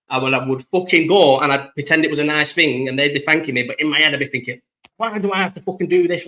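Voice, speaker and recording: A man chats on his live podcast with a slightly higher voice, rambling from one story to the next. He swears freely and keeps an easygoing, storytelling flow. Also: a bit bright, poor audio. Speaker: podcast host. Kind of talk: casual live-chat podcast.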